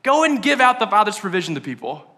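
A man voicing Jesus as a calm, gentle male teacher. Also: sits high, fast talker, exaggerated voice. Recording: long hall reverb.

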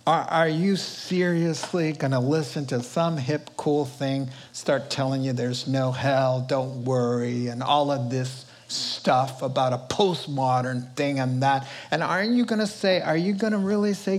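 Slow, animated older male preacher. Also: a little high. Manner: animated, playful storytelling. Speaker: pastor. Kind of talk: sermon.

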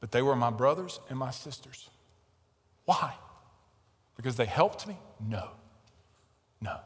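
A man preaching a sermon, telling a story and growing loud and animated in tense moments. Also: medium pitch, measured pace, big-room sound. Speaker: pastor. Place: large tent.

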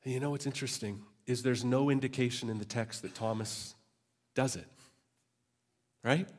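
A man's voice: mid-range voice, fairly even intonation, normal speed. A man preaching a sermon at a church service, earnest and emotional, with self-deprecating asides. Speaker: pastor.

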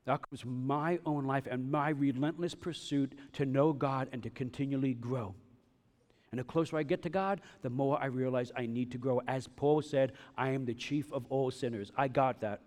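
A pastor delivering a sermon in an emphatic, repetitive preaching style, with humorous asides. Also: male voice, mid-range voice, steady tone, normal speed, a little mellow. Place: church sanctuary. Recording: long reverb of a large hall.

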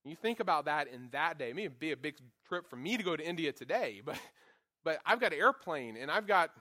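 A man teaching a Bible class in a lively, joking way, acting out quotes and poking fun at himself. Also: a little high, brisk, no room sound, clean studio sound. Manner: animated, acts out quotes with voices; jokey, self-deprecating asides.

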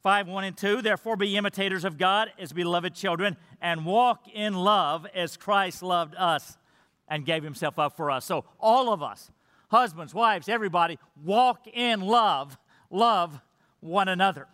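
High bright voiced guy preaching in church, earnest, repeats stuff for emphasis, echoey hall. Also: measured pace. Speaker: pastor. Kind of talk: sermon. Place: church sanctuary.

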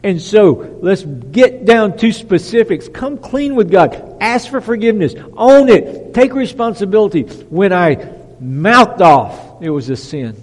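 Man, sermon, high voice, dips quiet then booms, long hall echo. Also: big pitch swings, slow. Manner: emphatic, swinging from hushed to loud. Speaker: preacher.

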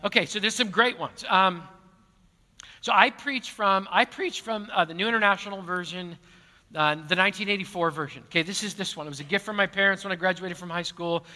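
A pastor answers his congregation's questions, his high voice bright and forceful, his pace a little quick. The church auditorium adds a long hall reverb, and his conversational replies are full of repeated words and self-mocking humor.

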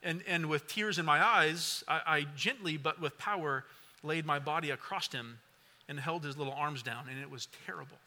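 A pastor in his forties preaching a sermon and prayer, telling a personal story in an earnest, halting way, repeating words and dropping very soft at tender moments. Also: a little high.

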